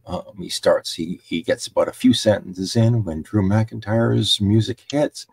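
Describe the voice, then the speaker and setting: A man hosting a podcast, recapping a wrestling show casually, halting with lots of ums. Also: fairly low pitch, creaky, darkish tone, slightly rough, dry recording. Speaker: podcast host.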